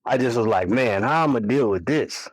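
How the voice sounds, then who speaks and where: A man in his forties, a podcast guest telling a personal story in a relaxed, animated way, acting out what people said. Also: mid-range voice, moderate pace, breathy edge, no echo, low-quality recording. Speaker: podcast guest, single father. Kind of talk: storytelling in casual conversation.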